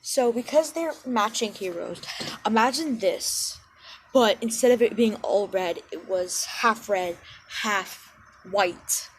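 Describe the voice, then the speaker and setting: A young woman at an average pitch, spinning a fan story off the cuff. She wanders, corrects her own slips and keeps apologizing as she goes, and a faint ambient noise sits behind her voice. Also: slow pace, rough recording. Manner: rambling, self-correcting, apologetic. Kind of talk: casual fan-story retelling.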